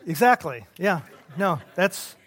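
A man pastor leading a Bible study, talking earnestly in a halting, conversational way with many restarts. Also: high voice, big pitch swings, a bit bright.

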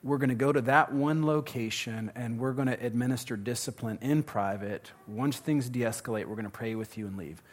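A man's voice: medium pitch, a little fast, few pauses. A man speaking at a live question-and-answer session, conversational and joking, often restarting his sentences. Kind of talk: live Q&A talk.

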